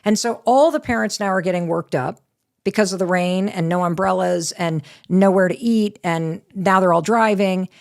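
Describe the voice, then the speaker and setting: A middle-aged woman with a gravelly edge to her voice tells a story as a podcast guest. She is lively and candid, swears freely, and keeps an everyday middle pitch. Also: normal speed. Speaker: guest author. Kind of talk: animated storytelling in a podcast interview.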